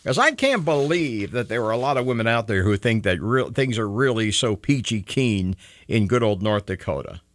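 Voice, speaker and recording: Wisecracking talk radio host, low voice. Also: male voice, moderate pace. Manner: wisecracking, sarcastic, lively. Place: radio studio. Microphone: studio microphone.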